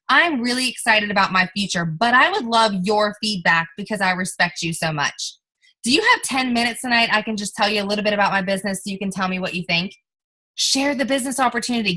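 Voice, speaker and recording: A young woman leading a team on a video call, coaching them in an upbeat, coaxing way and acting out sample pitches to friends. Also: bright, forceful tone, low-quality recording. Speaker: network marketing team leader. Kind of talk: motivational sales coaching on a group video call.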